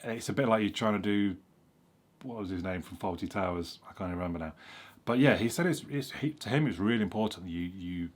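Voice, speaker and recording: A man's voice: lowish voice, fast. A man chatting casually about learning a language, rambling and correcting himself with frequent ums. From England. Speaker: vlogger. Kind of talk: casual explanatory chat.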